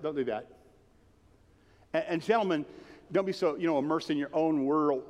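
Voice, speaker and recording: A man preaching a passionate, conversational sermon. His voice sits high, and he keeps asking the congregation questions. The sound rings with the long reverb of a church hall. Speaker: pastor.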